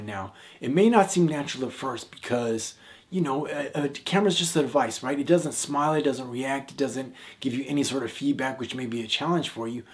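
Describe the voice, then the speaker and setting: A man giving a seated, direct-to-camera coaching tutorial, talking conversationally and often checking in with "all right?". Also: mid-range voice. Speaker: video confidence coach. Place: indoors, seated.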